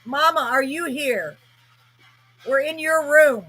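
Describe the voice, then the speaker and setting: A woman's voice: high-pitched, slow, sharp tone, soft background music, poor audio. A woman hosting a live paranormal spirit-box session, talking earnestly and emotionally as she calls out to spirits. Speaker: host.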